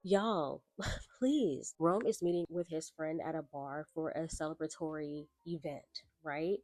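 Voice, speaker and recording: A woman with a deep, darkish voice reviews books in a casual vlog, speaking unhurriedly with faint music behind her and no room sound. Her commentary is incredulous and exasperated, and she calls her viewers y'all, baby, and child.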